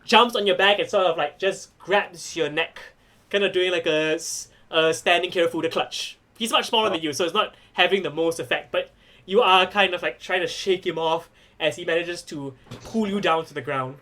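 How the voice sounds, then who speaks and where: High, bright-voiced man running the game. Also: moderate pace. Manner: excitable, announcer-style calls and voiced asides. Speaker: game master. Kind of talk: narrating a tabletop wrestling game.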